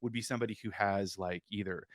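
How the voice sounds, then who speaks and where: Male author guest, explains clearly and patiently, lowish voice, dry close recording. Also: fairly even intonation, quick pace, no echo. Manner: explanatory, warm enthusiasm, frequent fillers. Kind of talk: casual interview chat.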